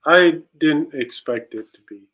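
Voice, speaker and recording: A man's voice: fairly high pitch, unhurried. A man co-hosting a casual chat over a video call, easygoing and dry. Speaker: podcast co-host. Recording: dull lo-fi call audio.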